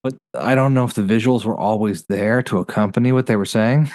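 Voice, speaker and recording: Male podcast host with a lower voice, dry close sound, casual review chat, reels off facts in quick bursts. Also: a little mellow, no echo.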